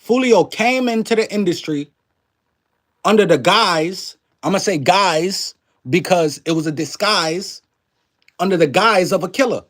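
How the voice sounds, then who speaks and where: A man with a high-pitched voice rants to a live chat, preachy and emphatic, full of slang and swearing. He keeps firing rhetorical questions at his viewers. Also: a little slow, a bit bright. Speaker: livestream commentary host. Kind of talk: casual ranting commentary to a live chat.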